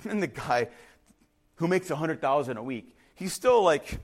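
A male pastor preaching in an animated, storytelling style. His voice sits high and swings widely in pitch, and he repeats words for emphasis. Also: a little fast. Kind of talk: sermon.

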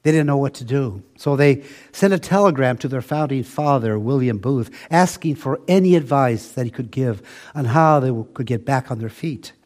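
An older man preaching a sermon, slow and emphatic, often dropping to a soft, low voice for weight.

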